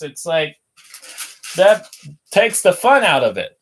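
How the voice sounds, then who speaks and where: A man's voice: sits high, sing-song, slow, pauses often. A young man hosting a casual livestream while building toy models, rambling and ranting between reading out chat messages.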